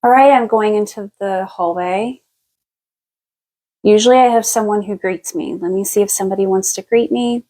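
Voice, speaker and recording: A woman working as a psychic medium on a live stream, giving a past-life reading. She talks in a relaxed, chatty way, thinks aloud, and often stops to restart a thought or reach for the next word. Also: medium pitch, low-quality recording. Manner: thinks aloud in a halting way, with many fillers and restarts; relaxed and chatty, laughs easily.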